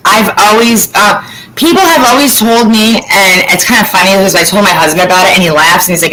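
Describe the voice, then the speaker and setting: A woman's voice: mid-range voice, animated, fast, fairly bright tone, slight background noise, rough recording. A woman hosting a casual chat, rambling and candid, swearing freely. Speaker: podcast host.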